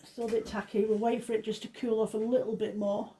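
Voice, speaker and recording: A woman's voice: on the high side, level tone, quick pace, warm tone, slight background noise, rough recording. Chatty woman demonstrating a craft. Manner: chatty, self-deprecating, narrates each step. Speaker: craft shop owner demonstrating. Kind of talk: casual how-to demonstration.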